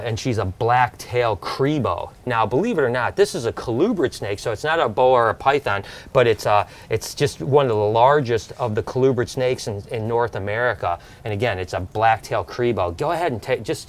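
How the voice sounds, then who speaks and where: A man hosting a reptile show, casually showing snakes to a guest and coaxing him to touch them. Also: medium pitch.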